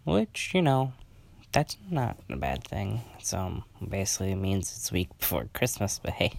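A sleepy young man hosting his own casual podcast, rambling and halting with frequent restarts and yawns. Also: deep voice, wildly swooping pitch, gravelly, a little mellow. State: sleepy, yawning. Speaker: podcast host. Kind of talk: casual solo podcast chat.

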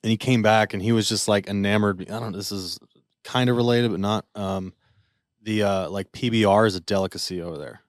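Casual, rambling and full of filler words, a male podcast co-host chats in a lowish voice at a fairly quick pace with fairly even intonation. The recording is dry and studio-clean.

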